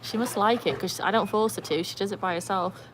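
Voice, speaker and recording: A woman's voice: medium pitch, a little fast, slight background noise, low-quality recording. A British woman hosting a casual live stream by a pool, chatting to viewers and her dogs. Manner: chatty, reads out comments, coaxes dogs. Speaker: livestream host with dogs. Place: outdoors by a pool. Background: splashing and dogs barking.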